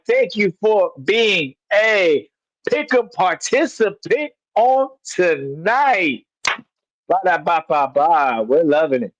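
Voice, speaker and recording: A man's voice: sits high, expressive, slow pace, no echo. A man co-hosting a sports talk stream, playful and teasing, laughing often. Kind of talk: casual sports talk chat.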